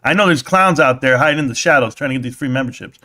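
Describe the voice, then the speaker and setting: A man's voice: mid-range voice, fast talker, sharp tone. A man live streaming about stocks, ranting brashly and mocking his chat.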